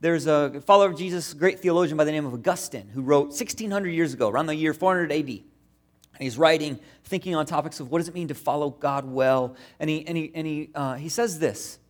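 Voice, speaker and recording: Conversational male pastor, higher voice. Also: fast. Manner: conversational, storytelling with acted-out quotes. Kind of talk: sermon.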